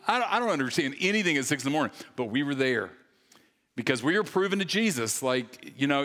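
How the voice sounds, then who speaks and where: A man preaching from a church stage, his voice animated and swinging between punchy jokes and quieter earnest moments. He pokes fun at himself with quick bursts of humor. A long, ringing reverb from the large hall trails every phrase. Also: fairly high pitch. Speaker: pastor. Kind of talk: sermon.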